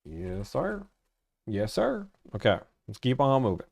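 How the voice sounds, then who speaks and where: A man's voice: medium pitch, huge pitch swings, unhurried, vocal fry, a little mellow, no echo. Rambling young man streaming. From Georgia, US. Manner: rambling, full of "like" fillers. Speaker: car-buying streamer. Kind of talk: casual live-stream chat.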